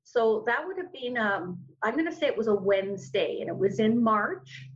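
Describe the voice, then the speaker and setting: A woman's voice: on the high side, normal speed, a little hiss or hum. A middle-aged woman, a podcast guest telling her story in an earnest, rambling way with many restarts. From Canada. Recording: dull lo-fi sound.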